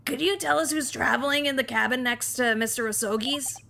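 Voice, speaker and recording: Brief: playful woman reading game lines, bright sharp voice, faint hiss behind. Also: high voice, brisk, gravelly. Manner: playful, giggly, reads lines aloud. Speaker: streamer reading game dialogue. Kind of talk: casual game read-along.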